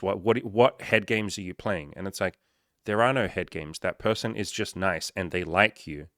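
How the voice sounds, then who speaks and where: A man with a very low, deep voice talks through a casual solo podcast as a life coach. His delivery is loose, joking and peppered with swearing, wandering off into asides. The sound is dry and close, with no room around it. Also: a bit bright, dry recording.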